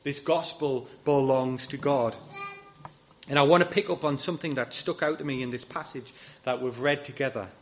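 A man's voice: mid-range voice, moderate pace. A man preaching a sermon as pastor, earnest and emphatic, citing scripture as he goes.

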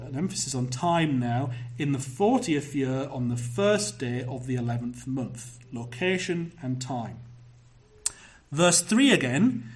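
A pastor preaching a sermon, measured and emphatic, slowing down to stress key phrases. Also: male voice, a little high.

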